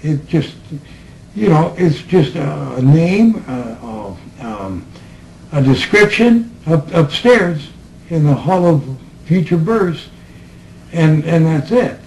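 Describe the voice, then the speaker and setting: A man giving a slow, reflective spiritual talk, halting often with fillers and repeated words. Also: fairly high pitch, mellow, slight background noise, rough recording. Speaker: spiritual speaker.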